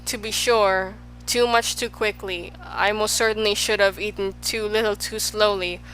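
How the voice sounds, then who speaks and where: A woman's voice: mid-range voice, steady tone, normal speed, a bit bright, faint music behind, close to an everyday voice, low-quality recording. Woman reading as a pompous fussy humbug. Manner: flowery, fussy, agrees with everyone. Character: pompous wordy male humbug bug. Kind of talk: audiobook character voice.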